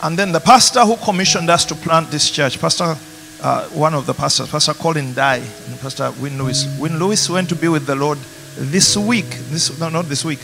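A pastor with a Ugandan accent preaching a passionate sermon in a church, rising to emphatic peaks. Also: male voice, a little high, moderate pace, vocal fry, noisy background. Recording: music playing behind.

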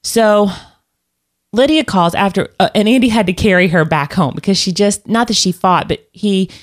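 A woman's voice: mid-range voice, moderate pace. A woman telling a personal story in casual conversation, rambling with fillers and restarts. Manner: rambling, many restarts and fillers, laughs often.

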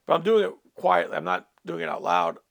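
A man's voice: fairly high pitch, huge pitch swings, brisk, vocal fry, fairly bright tone. A middle-aged man, a pastor, telling a personal testimony in a teaching talk, earnest, with asides to his listeners.

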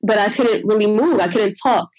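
A woman's voice: medium pitch, normal speed, a little mellow, dry recording, poor audio. A young adult woman telling her own birth story in a conversation, emotional and retelling what others said. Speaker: guest sharing a birth story.

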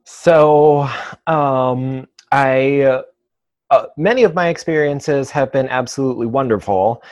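A man who works as a dog trainer, speaking as an interview guest in a thoughtful, measured way, pausing often with "um" and "uh". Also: medium pitch, no room sound. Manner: thoughtful, measured, many "um" and "uh" pauses. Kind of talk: conversational interview.

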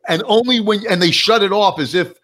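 A male coach speaking up in a panel conversation, earnest with a self-deprecating streak. His voice is a bit higher than most men's. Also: fairly quick, fairly bright tone. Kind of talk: casual panel chat.

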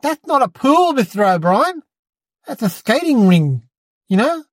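Cheeky young boy as an adult voices him, fibbing braggart, rambling comedy monologue, mid-pitched, dry sound. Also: sing-song, unhurried, dry recording. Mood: boastful. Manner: rambling, fibbing, says "mate" and "and stuff". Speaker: podcast host.

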